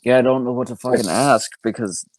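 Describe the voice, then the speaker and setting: A man's voice: medium pitch, fairly quick, no echo. A man playing a tabletop game, hesitant and stressed, swearing often as he thinks aloud. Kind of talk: casual game chat.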